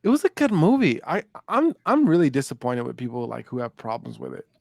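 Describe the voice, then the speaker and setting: A man's voice: mid-range voice, huge pitch swings, a little fast, gravelly, dry recording, clean studio sound. A young man co-hosting a casual chat podcast, talking in a laid-back, rambling way with lots of fillers and restarts. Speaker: podcast co-host.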